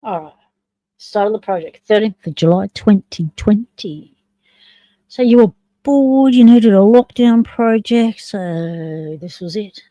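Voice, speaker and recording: Chatty woman with a mellow voice. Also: mid-range voice, animated, measured pace, no echo, dull audio. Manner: chatty, talks to herself while running the stream software; reads along with and comments on a video. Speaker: live stream host. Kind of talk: casual live-stream chat.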